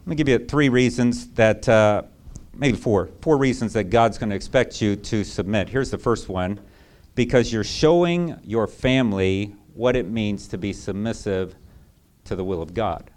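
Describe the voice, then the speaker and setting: A man's voice: on the low side, normal speed, a little mellow. A male pastor preaching a sermon in a conversational, emphatic way, often checking in with rhetorical asides.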